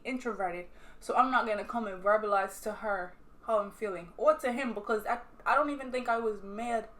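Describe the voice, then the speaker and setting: A young woman from Bermuda with a Bermudian accent that sometimes slips into British, chatting bluntly and swearing as she answers viewer questions over a glass of wine. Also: on the high side. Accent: Bermudian, sometimes switching to British. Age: young adult. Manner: blunt, animated storytelling with frequent swearing. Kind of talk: casual chat while sipping wine.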